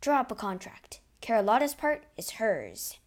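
Woman doing a brisk opera house manager. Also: a little high, huge pitch swings, exaggerated voice. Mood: decisive. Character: middle-aged male opera house manager, decisive.

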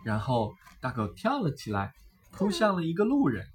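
Woman storyteller, low voice with lively swings, reads slowly for kids. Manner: slow, expressive, deliberate storybook reading. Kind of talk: reading a children's picture book aloud.

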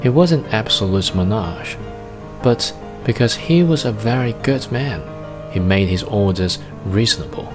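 Low-voiced male storybook narrator. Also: lively intonation, over music. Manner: slow, careful reading. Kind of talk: storybook reading.

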